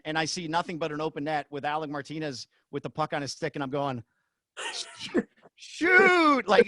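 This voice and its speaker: A middle-aged man, a former arena announcer, telling stories as a podcast guest in an excitable way. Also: on the high side, dry recording. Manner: excitable, acts out shouted quotes. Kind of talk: animated storytelling in a podcast interview.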